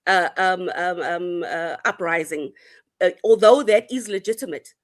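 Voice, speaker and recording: A woman speaking as a panelist, thoughtful and halting, with many pauses and restarts. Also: on the low side. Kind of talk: online panel discussion.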